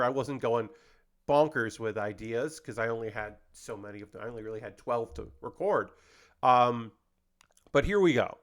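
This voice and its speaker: A male comedian and host in casual chat, rambling and self-deprecating as he talks through his ideas. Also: mid-range voice.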